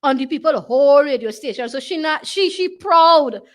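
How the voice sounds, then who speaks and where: A woman with a Tobago accent hosts a studio talk show. She talks straight to the audience and slips easily into dialect. Her voice sits high. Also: animated, moderate pace. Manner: chatty, addresses the audience in dialect. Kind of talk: lively studio show hosting.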